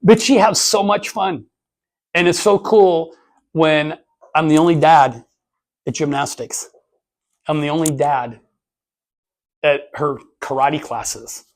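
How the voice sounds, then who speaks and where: Man, motivational speaker, lively storyteller, slightly higher voice, talking to a room. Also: takes it slowly, long pauses. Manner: animated storyteller, acts out voices in his anecdotes. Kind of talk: motivational talk to a live audience.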